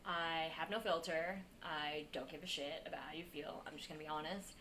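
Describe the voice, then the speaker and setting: A woman's voice: sits low, steady tone, brisk, fairly bright tone, a little hiss or hum. A young woman from Queens, New York, chatting as a podcast guest; blunt and profane, laughing often. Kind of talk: casual chat.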